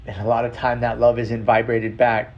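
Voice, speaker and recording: A man's voice: mid-range voice, level tone, normal speed. A young man from San Carlos telling a personal story in casual, swearing speech, quoting the people he met. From San Carlos, Arizona. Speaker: vlogger telling his story. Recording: slightly dull lo-fi sound.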